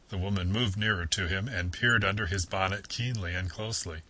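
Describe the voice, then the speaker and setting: A man giving a measured, formal scripted lecture on literature. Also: deep voice, sharp tone, dry recording, poor audio.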